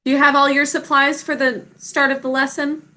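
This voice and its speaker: A woman's voice: high-pitched, little pitch movement, moderate pace, pushed and bright. A woman teacher giving a spelling lesson to children over a video call, patiently sounding out words and syllables.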